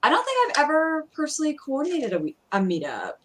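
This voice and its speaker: A woman's voice: high-pitched, huge pitch swings, fast talker, slight background noise. Rambling, giggly woman co-host. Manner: rambling, filler-heavy, apologetic, giggly. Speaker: podcast co-host. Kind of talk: casual livestream chat.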